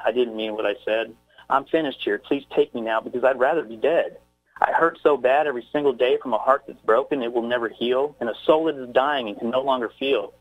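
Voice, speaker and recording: A man's voice: mid-range voice, narrow, tinny audio. Hesitant male poet reading aloud. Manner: hesitant, searching for words. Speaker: poet guest. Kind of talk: reading his own poem on a radio interview. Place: Texas, by phone into a radio show.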